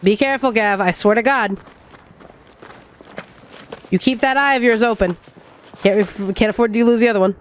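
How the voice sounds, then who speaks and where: A woman streamer giving casual, foul-mouthed commentary while playing a game, animated and arguing with the characters. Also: on the high side, normal speed, long pauses, a little hiss or hum. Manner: animated, profane, argues with the characters.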